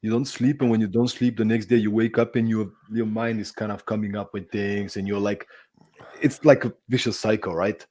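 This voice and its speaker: A man's voice: fairly low pitch, level tone, fairly quick, dark tone. A man hosting a podcast interview, responding with empathy and asking reflective follow-up questions. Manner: empathetic, reflective, asks probing follow-ups. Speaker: podcast host. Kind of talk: interview conversation.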